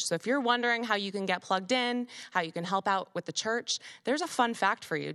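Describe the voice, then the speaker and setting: A woman's voice: mid-range voice, a bit bright. A woman deacon stands before a church congregation, giving announcements. She sounds upbeat and a little scripted. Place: church sanctuary.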